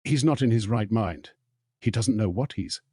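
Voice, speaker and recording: A man voicing a teenage girl speaking tentatively and in a hushed way. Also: on the low side, animated, normal speed, slightly rough, dry recording, studio quality. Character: anxious teenage girl, bookish.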